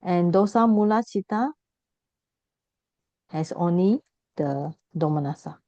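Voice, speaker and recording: A woman's voice: lowish voice, expressive, slow, dark tone, dry recording, lo-fi sound. A woman teaching a Buddhist class, explaining patiently, repeating key points and correcting herself.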